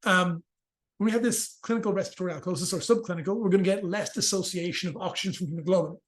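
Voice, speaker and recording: A man with a high, quick voice explains breathing and stress in a relaxed interview. He jokes and swears as he goes, rattling through the details. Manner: fast, profane, joking explanations. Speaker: movement and rehabilitation practitioner, guest. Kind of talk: casual explanatory interview talk.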